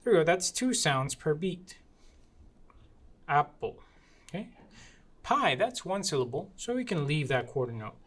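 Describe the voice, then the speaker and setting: A woman's voice: sits low, very animated. A woman music teacher demonstrating a rhythm lesson in a playful way, chanting rhythm syllables. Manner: slow and deliberate. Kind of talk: classroom music lesson demo.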